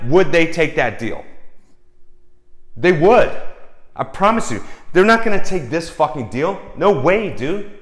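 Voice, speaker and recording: A man's voice: a little high, big pitch swings, normal speed, a bit bright. A middle-aged man giving writers blunt career advice in a casual monologue, swearing freely and restarting his sentences as he works himself up. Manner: blunt, profane, fired-up, lots of restarts and repeated words.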